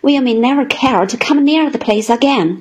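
A woman's voice: high voice, normal speed, slight background noise, pitched above the performer's own voice, natural voice, poor audio. A woman reading the lines of an earnest young man who speaks eagerly and effusively. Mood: exultant. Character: earnest admiring young man, warm-hearted.

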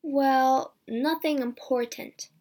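A woman reading the part of a grave old male soldier who warns the others, in a slow, earnest storybook voice. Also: sits high, fairly even intonation, a little mellow. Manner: earnest, cautionary.

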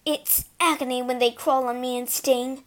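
Reading from a storybook, a woman voices a bitter, hurt young mare, speaking sullenly and resentfully. Her voice sits high, with a steady tone, moderate pace, and light acting.

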